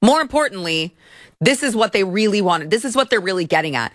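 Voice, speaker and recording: A woman's voice: medium pitch, animated, fairly quick, a bit bright, dry recording, studio quality. A woman hosting an opinionated commentary show, talking in a sarcastic, mocking way.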